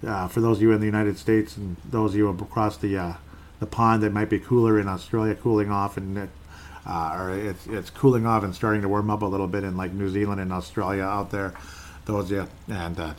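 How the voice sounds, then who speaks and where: A man talks alone into his podcast with a somewhat low voice. He rambles along casually and circles back over points he has already made. It sounds easy and unscripted. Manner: rambling, conversational, restarts and repeats himself. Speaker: podcast host. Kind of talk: casual solo podcast talk.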